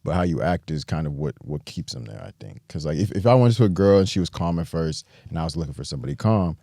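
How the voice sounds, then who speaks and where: Laid-back deep American man host. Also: expressive, fast talker, dark tone, no echo, clean studio sound. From United States. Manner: laid-back, laughs easily. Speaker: podcast host. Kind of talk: casual chat.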